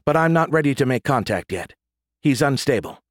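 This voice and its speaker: A man voicing a calm, cautious female ship AI in an audiobook. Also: medium pitch, brisk, no room sound, studio quality, pitched above the performer's own voice, lightly acted.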